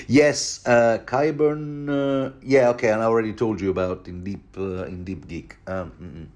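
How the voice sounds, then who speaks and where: A man rambling through a casual book commentary, cracking jokes and trailing off into fillers. His voice sits on the lower side, relaxed and chatty. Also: moderate pace, hardly any pauses. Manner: rambling, jokey, full of fillers and acted quotes.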